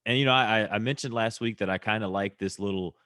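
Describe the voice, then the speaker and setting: A man's voice: fairly low pitch, fast talker, sharp tone, no echo, studio quality. A man co-hosting a podcast, recapping segments in a laid-back, amused way. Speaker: podcast co-host, wrestling reviewer. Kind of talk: casual podcast review chat.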